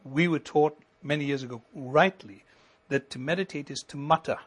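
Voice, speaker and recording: Man, middle-aged, pastor, sermon, husky voice, fairly high pitch, swells and drops in volume. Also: normal speed. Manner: preaching with rising emphasis and sudden soft drops.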